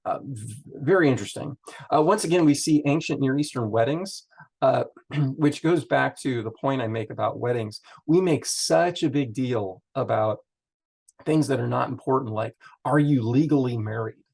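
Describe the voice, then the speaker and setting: A man's voice: mid-range voice, normal speed, vocal fry, a little mellow, slightly rough. A man leading a Bible study, chatting through the text in a loose, thinking-aloud way with many fillers. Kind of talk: casual Bible teaching.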